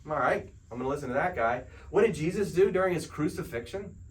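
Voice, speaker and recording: A man's voice: a little high, lively intonation, fast, recorded from a distance, rough recording. A male counselor giving a spiritual self-help lecture in a conversational way, often putting rhetorical questions to his audience.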